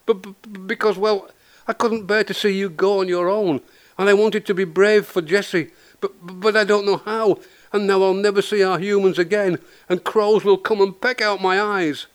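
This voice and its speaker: A man's voice: high-pitched, fairly even intonation, moderate pace, clear, resonant tone, voice pushed up, close to an everyday voice. A man voicing a timid, frightened young male cat who stammers and quavers. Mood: scared.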